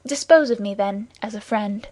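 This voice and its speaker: A woman's voice: medium pitch, normal speed, darkish tone, dry recording, close to an everyday voice. A woman voicing an earnest, gallant young male guardsman in an audiobook, reassuring and commanding.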